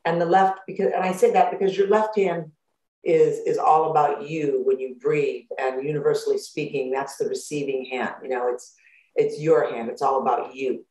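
A woman hosting a motivational self-help talk as a life coach. She speaks in an animated way, acts out worried inner thoughts and laughs often, through a computer microphone. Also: low-pitched, moderate pace. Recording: roomy echo.

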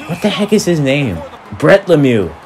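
Excitable young man calling a hockey game. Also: a little high, moderate pace, music in the background, crowd noise. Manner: excitable, mock sportscaster calls, yelps and groans. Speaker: gaming YouTuber. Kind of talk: live play-by-play gaming commentary.

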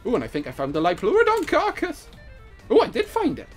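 A gameplay commentator, joking and excitable, breaking into playful sing-song asides as they play. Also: high voice, brisk, soft background music.

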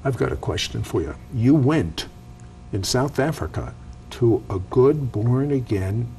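A man hosting an interview, asking gentle, prompting questions about faith. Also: mid-range voice, lively intonation, unhurried, gravelly, slight background noise.

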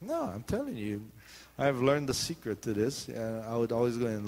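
Joking pastor with a lilt. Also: male voice, medium pitch, animated, moderate pace, a little mellow, big-room sound. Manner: joking, calls out for "amen" responses. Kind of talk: sermon.

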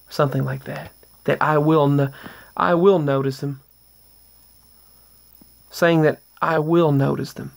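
A man's voice: fairly high pitch, steady tone, measured pace, gravelly, pauses often. A man earnestly telling a rambling, casual story about paranormal events at home, often restarting his sentences. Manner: rambling, with restarts and trailing asides. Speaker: vlogger.

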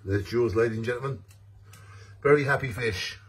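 Husky man, playful mock-grand vlogger. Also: medium pitch, moderate pace, a bit bright. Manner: mock-grand, sing-song, hums a theme tune. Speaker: vlogger showing his fish tank. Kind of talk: playful home video commentary.

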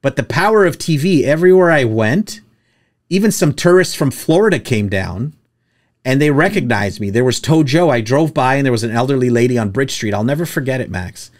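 A man hosting a laid-back podcast in a studio. He talks in a mid-pitched voice and tells jokey stories, acting out what people said in raised voices. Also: lively intonation, fairly quick. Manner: storytelling, jokey, acts out quotes in raised voices. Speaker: podcast host, tow truck operator. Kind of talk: casual podcast chat. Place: studio with producer present.

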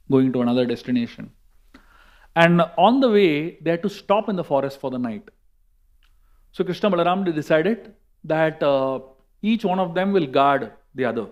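Man, Indian English accent, high voice, lively storytelling sermon, emphatic repetition. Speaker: monk and speaker.

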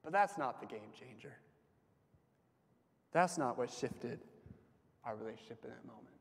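A young man giving a casual sermon to a campus group, talking conversationally with lots of fillers and letting his phrases trail off softly. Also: mid-range voice, expressive, moderate pace, vocal fry, breathy edge. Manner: conversational, frequent "like" fillers, dips soft at phrase ends. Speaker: campus ministry speaker. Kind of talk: casual sermon with personal stories. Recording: long hall reverb.

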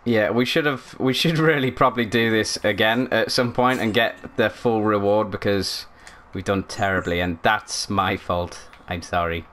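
A let's play host's lowish, somewhat bright voice moves at a moderate pace. Playing a video game at home with a barking dog around, he delivers casual, chatty commentary, gets flustered, and keeps apologizing.

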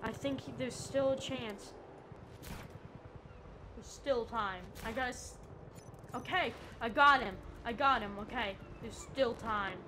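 A woman giving excitable let's-play commentary, yelping and chatting to the characters in her game. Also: a little high, slow pace, pauses often, noisy background. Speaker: gamer.

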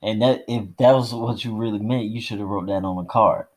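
A man's voice: on the low side, steady tone, fairly quick, a little mellow. Blunt, slangy man co-hosting a podcast. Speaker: podcast co-host. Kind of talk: casual movie review chat. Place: dark room at home during a power cut.

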